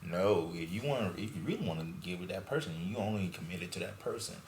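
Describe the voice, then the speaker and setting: A young man with a very low voice tells a personal story in loose, slangy chat. He sounds like a podcast host giving frank advice. The room is echoey, with a faint hiss behind him. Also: animated, fast talker. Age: young adult. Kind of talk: casual chat.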